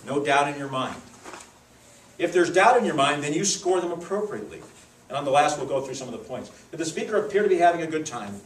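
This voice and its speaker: A man trains speech contest judges, with a lively, demonstrative delivery. His voice sits fairly high for a man. It echoes around the room and is picked up from a distance, over a faint room hum. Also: fast. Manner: lively, demonstrative teaching with acted examples. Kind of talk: workshop lesson. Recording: echoey room, mic far off.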